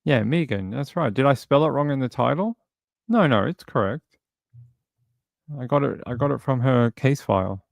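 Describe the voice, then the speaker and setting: Guy streaming true crime stuff, gravelly low-ish voice, dry close mic, rambles and answers chat. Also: animated, moderate pace, long pauses, dry recording. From outside the US. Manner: rambling, many fillers and restarts. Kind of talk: casual livestream commentary, reading chat.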